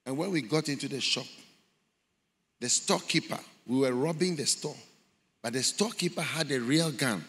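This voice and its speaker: A man's voice: mid-range voice, moderate pace, fairly bright tone. A man preaching a sermon, telling a story dramatically and acting out the voices in it. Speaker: pastor. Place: large church hall. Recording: long hall reverb in a large church.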